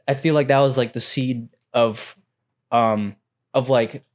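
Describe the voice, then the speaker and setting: A man's voice: medium pitch, unhurried. A young man co-hosting a gaming podcast, chatting casually with lots of "like" and "bro". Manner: relaxed, full of "like" and "bro". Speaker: podcast co-host. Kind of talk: casual chat.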